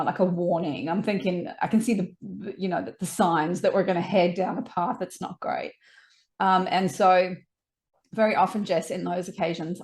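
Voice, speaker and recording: A woman's voice: lowish voice, creaky, darkish tone. A middle-aged woman co-hosting a podcast, telling a personal anecdote in a chatty, self-deprecating way. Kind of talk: anecdotal storytelling in conversation.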